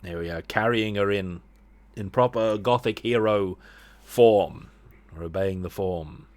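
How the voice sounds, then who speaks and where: A man's voice: on the low side, unhurried, darkish tone. A man streaming a game live, reading the story aloud with playful joking asides.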